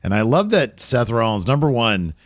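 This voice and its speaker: A man's voice: mid-range voice, very animated, moderate pace, dry recording, studio quality. A man co-hosting a podcast, giving an opinionated casual recap of a wrestling show, often trailing off and restarting.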